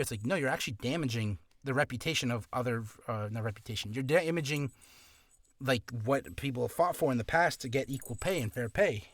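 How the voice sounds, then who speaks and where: A man's voice: mid-range voice, fast talker, no echo, clean studio sound. A man giving casual career advice on a vlog, rambling with restarts and coughing now and then from acid reflux.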